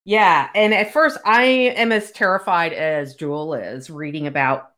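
A woman's voice: on the low side, a little slow. A woman co-hosting a casual book podcast, telling stories and acting out the dialogue. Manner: animated storyteller, acts out dialogue. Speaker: podcast co-host.

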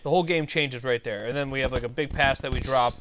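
A man co-hosting a podcast, chatting casually about sports with a relaxed, filler-heavy way of talking. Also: medium pitch, quick pace, no echo. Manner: laid-back, lots of "like" fillers. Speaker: podcast co-host.

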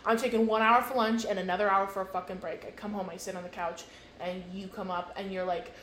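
A woman's voice: medium pitch, fairly even intonation, quick pace, a bit bright. A woman in her twenties co-hosting a podcast, recounting her grievances with exasperation and heavy swearing. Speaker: podcast co-host. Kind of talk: casual storytelling chat. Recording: echoey room with faint noise.

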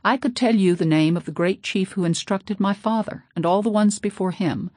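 Woman doing a calm old village chief. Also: moderate pace, dry recording, clean studio sound, close to an everyday voice. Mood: dignified. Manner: deep sighing voice, careful English rolling R's.

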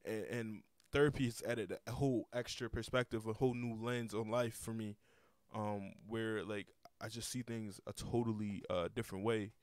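A man's voice: fairly low pitch, steady tone, normal speed, a little mellow, dry recording. A young man hosting a casual podcast, rambling with lots of repeated words and cursing freely. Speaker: podcast host.

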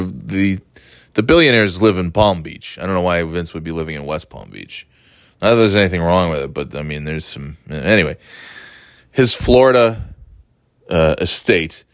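A man with a lowish voice hosts a casual podcast, wandering through a long story and swearing as he goes. He slips into quick impressions of the people in it. The sound is close and dry, with no room echo. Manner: rambling, profane, mimics people in quotes. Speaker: podcast host.

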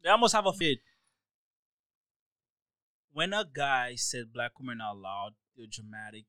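A man's voice: medium pitch, big pitch swings, a little slow, pushed and bright, clear, resonant tone, no room sound, rough recording. A man in a heated casual debate, pushing his point and repeating his questions.

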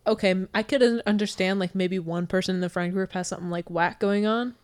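Speaking fast with fairly even intonation and a medium pitch, this American woman hosts a laid-back true crime podcast. Her talk is full of fillers and frequent laughter.

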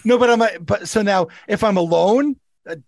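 Gravelly high-voiced man. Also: moderate pace, dry recording. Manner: laughing, stumbling restarts. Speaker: co-host, rideshare driver. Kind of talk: casual chat, storytelling.

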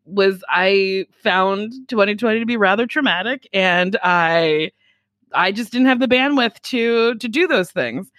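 A woman's voice: medium pitch, a little slow, fairly bright tone, no echo, clean studio sound. A woman comedian, a guest on a chat podcast, talking bluntly, swearing freely and acting out other people's lines. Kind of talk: casual chat.

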